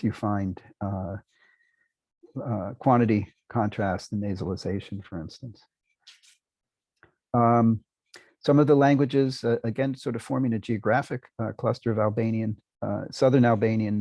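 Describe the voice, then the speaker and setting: An older man lecturing on linguistics to a university class, pausing often with many fillers and restarts and now and then clearing his throat. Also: on the low side, darkish tone, dry recording, low-quality recording. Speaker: linguistics professor.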